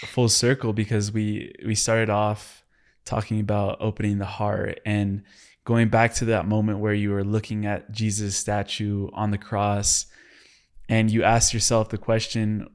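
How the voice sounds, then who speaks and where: Male podcast host, low voice, upbeat and laughing. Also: level tone, unhurried, darkish tone. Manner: enthusiastic, laughing reaction. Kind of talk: casual interview talk.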